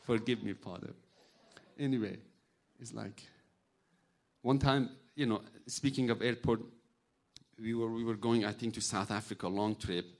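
A man's voice: fairly low pitch, normal speed. Man preaching. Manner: animated storytelling, acts out voices, non-native grammar. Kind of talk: sermon with personal stories.

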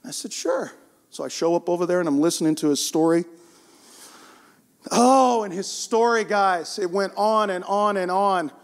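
A man preaching a passionate sermon, rising to shouts and dropping to hushed storytelling. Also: sits high, moderate pace.

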